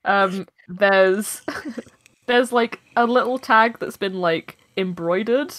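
A woman's voice: medium pitch, slow, a bit bright, dry recording. A woman game master narrating a tabletop session in a casual way, with lots of filler words and swearing.

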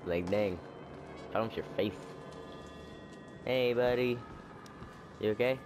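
A man's voice: medium pitch, a little slow, long pauses, music in the background. A man giving casual let's-play commentary with jokey, crude, sarcastic asides. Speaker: gameplay commentator.

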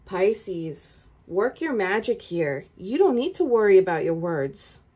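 A woman's voice: mid-range voice, very animated, slow, warm tone, husky. A woman giving a tarot reading straight to the viewer, urgent and emphatic, repeating her points. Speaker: tarot reader.

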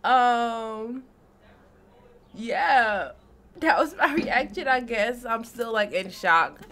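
A woman in her twenties hosting a casual reaction vlog from a room at home with a green screen, talking excitedly and repeating herself as she gushes. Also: a little high, very slow. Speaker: reaction channel host.

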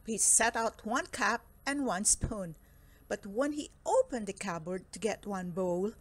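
A woman with a medium-pitched voice reads a children's picture book aloud. She tells the story slowly and expressively.

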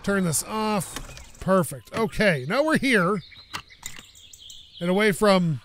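A man giving casual gameplay commentary as a let's play host, excitable, swearing and yelling at the other drivers in the game. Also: high-pitched, slow. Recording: game engine noise under voice.

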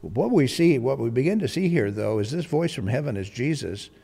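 A man's voice: mid-range voice, animated, fairly quick, vocal fry, warm tone, husky, in a large hall. A man preaching a sermon, explaining scripture verse by verse and acting out the quoted voices with rising emphasis.

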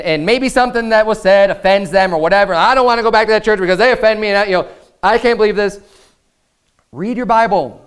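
A man delivering a sermon from a church pulpit, his voice pitched a little high and notably smooth and resonant. He reads scripture in an even, deliberate cadence, then rises into loud, fervent preaching. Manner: fervent preaching that swells into raised, emphatic passages. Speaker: pastor. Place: church sanctuary.

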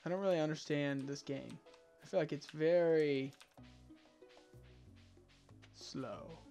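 Excitable male streamer over faint game music. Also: fairly high pitch, takes it slowly. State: tired. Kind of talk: casual gaming chat.

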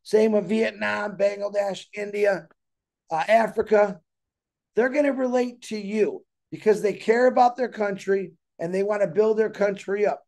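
High-voiced earnest man, rambling host. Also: a little mellow. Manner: rambling, earnest, repeats himself. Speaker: show host. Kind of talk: casual talk-show monologue.

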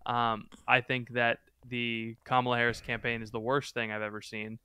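A man's voice: medium pitch, little pitch movement, normal speed, sharp tone, clean tone, no echo. A man co-hosting a casual podcast chat, joking and riffing with his co-host.

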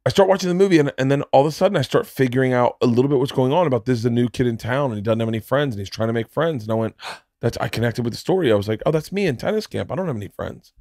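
Animated middle-aged man telling a story. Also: racing, no echo, clean studio sound. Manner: animated, swings into high excited bursts while telling stories. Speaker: podcast co-host. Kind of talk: casual storytelling chat.

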